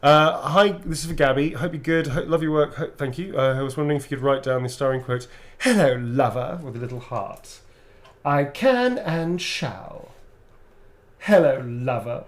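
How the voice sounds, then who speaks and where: A man's voice: medium pitch, fairly quick, hardly any pauses. A middle-aged man, an actor signing autographs on a livestream, chatting casually, swearing freely and chuckling often.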